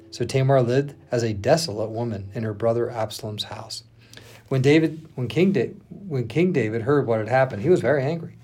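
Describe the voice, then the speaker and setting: A male pastor reads scripture aloud for a podcast, at a mid pitch for a man. He reads with lively, shifting expression and stops now and then to check a name. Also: a little fast, a little hiss or hum.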